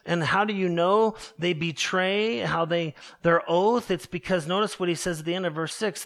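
A man preaching a sermon earnestly, slowing down and dropping his voice low to stress key words. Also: gravelly, fairly bright tone. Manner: earnest preaching, slows and drops low for emphasis. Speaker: pastor.

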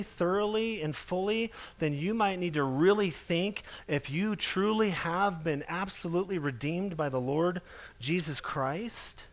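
High-voiced earnest male preacher. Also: fairly bright tone. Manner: earnest, emphatic, slows down to stress quoted scripture. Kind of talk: sermon.

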